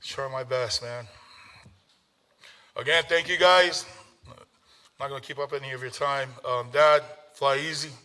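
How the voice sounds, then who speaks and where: A man's voice: mid-range voice, steady tone, unhurried, long pauses, pushed and bright, smooth. A man speaking at his father's memorial, heartfelt and fighting back tears, often saying "man". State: tearful. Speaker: son giving a eulogy. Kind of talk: emotional memorial speech.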